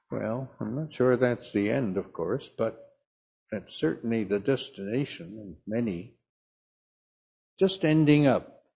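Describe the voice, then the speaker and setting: An older man from the south of England, preaching a sermon in a slow, emphatic storytelling manner. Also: mid-range voice, creaky, warm tone, breathy edge.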